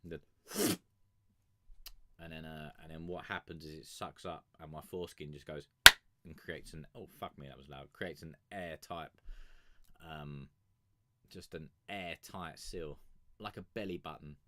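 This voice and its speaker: A music review streamer with a rumbling low voice chats crudely and casually with his live-stream audience, rambling and joking on a sugar rush. He speaks at a measured pace with long pauses, and the recording is very noisy. His banter with chat is profane.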